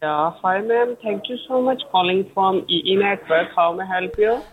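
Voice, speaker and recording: A man on a thin, tinny phone line keeps insisting there is nothing to worry about. He speaks in a fairly high voice and presses the same points again and again. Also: moderate pace, slight background noise. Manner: insistent, repetitive reassurance. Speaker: phone scammer.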